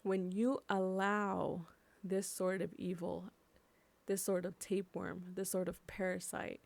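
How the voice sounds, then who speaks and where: A young woman from California giving impassioned personal commentary on camera, emotional and swearing freely, slowing down to stress her points. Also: medium pitch, little pitch movement, creaky, a little mellow. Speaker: vlogger.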